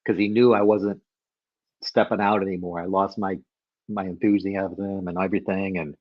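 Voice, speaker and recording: A man's voice: low voice, flat delivery, normal speed, no room sound, highs cut off. A man in his fifties, a guest from the Chicago area, telling a personal story with many restarts and laughing at himself.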